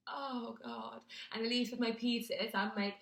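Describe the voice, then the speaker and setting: A woman's voice: on the high side, flat delivery, normal speed, fairly bright tone. A woman in her twenties from Britain, vlogging to camera in a casual, self-deprecating, chatty way with lots of fillers. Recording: echoey room.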